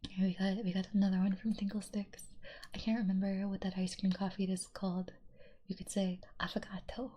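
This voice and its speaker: A young woman streamer reading chat aloud in a soft, giggly whisper, in a whispered role-play style. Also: mid-range voice, little pitch movement, fairly quick.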